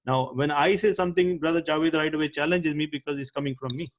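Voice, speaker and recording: A man's voice: a little high, fairly even intonation, quick pace. A man teaching Arabic grammar in an online class, explaining patiently and often checking if students follow.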